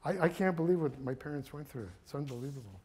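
An older man from Kazakhstan, an author telling his family's story and reading from his book in an animated way. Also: fairly high pitch, fast talker, slightly rough. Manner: animated storyteller, thinks aloud with restarts.

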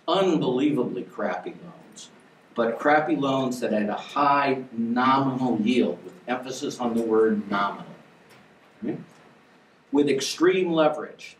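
A man's voice: mid-range voice, distant mic, a little hiss or hum. Older man lecturing in an echoey hall. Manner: animated, emphatic, wry. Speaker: guest lecturer. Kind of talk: academic lecture.

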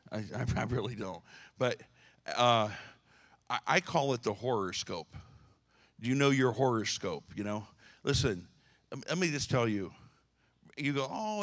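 A man's voice: lowish voice, fairly bright tone. A male pastor giving a casual, joking sermon to his church, with many restarts. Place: church sanctuary.

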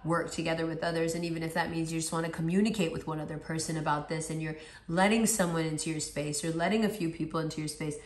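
A woman with a hoarse, partly lost voice giving a casual tarot reading, talking conversationally and asking her listeners rhetorical questions. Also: low voice, steady tone, fast talker, few pauses. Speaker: tarot reader.

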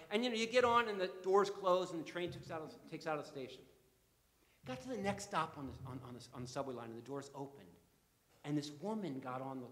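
A man addresses an assembly as guest speaker, telling a story with animated energy and frequent restarts. His voice sits high and bright. The sound carries a long reverb from the hall. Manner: animated, repeats words when starting sentences.

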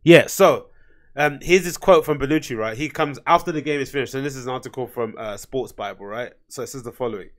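A man's voice: medium pitch, quick pace, fairly bright tone. A man hosting his own show, giving blunt, profane, rambling commentary full of filler words. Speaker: host. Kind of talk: casual commentary.

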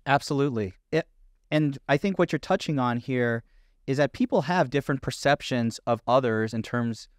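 A man co-hosting a fitness podcast, explaining his view in an assured, measured way. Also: medium pitch, no echo, clean studio sound. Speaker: podcast co-host, fitness coach. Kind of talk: casual podcast chat.

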